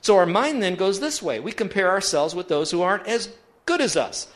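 A man's voice: high voice, very animated, a little fast. A pastor giving an emphatic sermon, leading his congregation in reading aloud together. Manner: emphatic preaching, leads the congregation in call-and-response reading. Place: church sanctuary.

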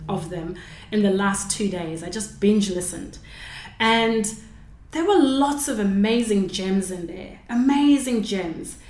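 A woman's voice: mid-range voice, darkish tone, a little hiss or hum. A woman hosting her own unscripted podcast, talking reflectively in a rambling way and correcting herself as she goes. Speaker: podcast host. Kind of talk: unscripted solo podcast talk. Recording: roomy echo.

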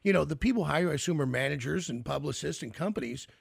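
A man's voice: fairly high pitch, expressive, quick pace, gravelly, breathy edge, no room sound, studio quality. A man hosting a radio show, chatting casually with his guest and telling stories with many restarts. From Kansas City. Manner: rambling storyteller with many restarts. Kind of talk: casual interview chat.

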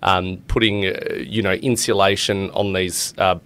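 A man's voice: low-pitched, little pitch movement, moderate pace, a bit bright, clean tone. An Australian man presenting the news on breakfast radio, chatty and loose with plenty of ums and uhs between items. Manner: reads news casually with filler words and banter.

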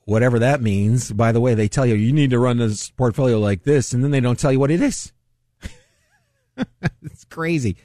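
A man's voice: fairly low pitch, creaky, dark tone, no echo, clean studio sound. A middle-aged man hosting a radio show as a financial advisor, explaining in a chatty way and chuckling often. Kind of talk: casual radio talk.

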